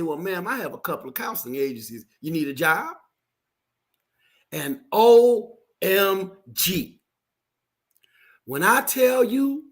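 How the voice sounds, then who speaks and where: Animated high-voiced man telling a story. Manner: lively, acts out voices in his story. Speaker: podcast co-host.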